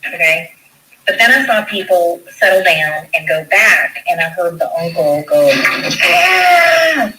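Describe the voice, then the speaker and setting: A woman's voice: lowish voice, moderate pace, recorded from a distance, heavy background noise. A woman, a nurse, recounting an event in an interview, telling it animatedly and acting out what others said. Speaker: nurse interviewed in a news clip.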